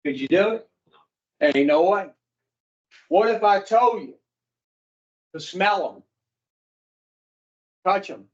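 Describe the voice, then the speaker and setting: Slow, blunt man addressing a group. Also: sits high, expressive. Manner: blunt, profane, asks the group questions. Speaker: addiction recovery counselor. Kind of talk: classroom talk to a recovery group. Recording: dull lo-fi recording.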